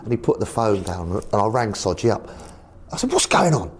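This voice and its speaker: A former football manager telling anecdotes in an animated way and acting out voices. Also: male voice, on the low side, normal speed. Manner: animated, acts out voices in his stories. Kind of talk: anecdotal storytelling.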